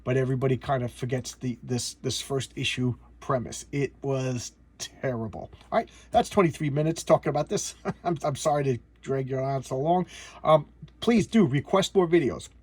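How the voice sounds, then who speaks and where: In a husky, darkish, medium-pitched voice, a comic book reviewer speaks at normal speed with fairly even intonation and few pauses. He's casual and sarcastic about an old comic, rambling with plenty of restarts and trailing asides.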